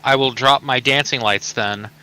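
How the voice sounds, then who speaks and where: Bright-voiced guy at a tabletop game, gentle and reassuring. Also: medium pitch, steady tone, normal speed, clear, resonant tone, poor audio. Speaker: player. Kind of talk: tabletop role-play.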